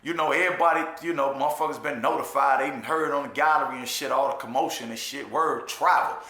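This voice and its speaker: A man's voice: mid-range voice, fast talker. A man casually retelling a personal story, using profane street slang and often asking "you know what I'm saying". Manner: animated retelling with restarts and repetitions. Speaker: storyteller recounting his jail time. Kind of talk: casual spoken storytelling monologue. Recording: echoey room.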